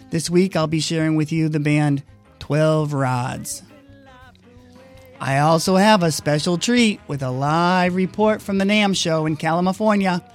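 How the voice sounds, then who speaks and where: A man hosting a podcast, reading a friendly, upbeat scripted introduction. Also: fairly high pitch. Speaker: podcast host.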